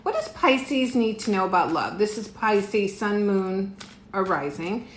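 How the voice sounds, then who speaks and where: Speaking unhurriedly in a mid-range voice with lively intonation, a middle-aged tarot reader gives a casual live reading from home. She chats with her viewers and laughs often, and the recording has an echoey room and faint background noise.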